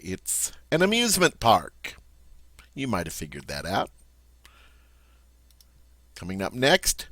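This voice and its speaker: Slow, lively male French teacher. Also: lowish voice, no echo, studio quality. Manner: slow, drawn-out model pronunciations with repeats; friendly, encouraging instruction. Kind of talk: vocabulary lesson.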